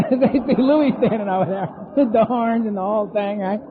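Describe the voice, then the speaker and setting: A middle-aged man with an animated, laughing storytelling manner, speaking at a recovery meeting. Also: sits high, moderate pace, background noise. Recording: phone-like sound in a long-reverb hall.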